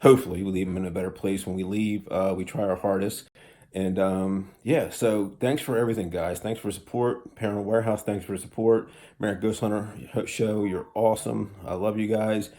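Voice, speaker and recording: A man's voice: fairly low pitch, fairly even intonation, fairly quick, warm tone. A man giving a casual recorded farewell message to a show, rambling with many fillers and restarts. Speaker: guest sending a recorded message.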